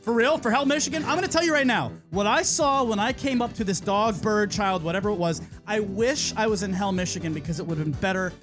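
A man's voice: high voice, quick pace, few pauses, over music. A young man hosting a talk show, telling a story casually with a lot of swearing and acted-out quotes. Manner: animated storyteller, lots of swearing and quoting others. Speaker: radio show host. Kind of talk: casual chat.

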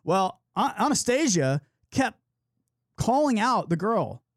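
A man hosts a podcast and tells a story in casual chat, acting out each person he quotes. His pitch swings widely as he talks. The sound is dry and close, with no room echo. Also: very animated, slow pace. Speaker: podcast host. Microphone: studio mic.

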